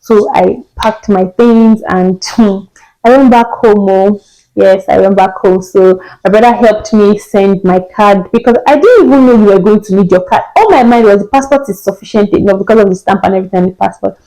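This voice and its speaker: Recorded roughly, this clip has a young woman from Nigeria vlogging about something that happened to her. She's animated, performing the lines people said and breaking into laughter, with a medium-pitched voice at a moderate pace.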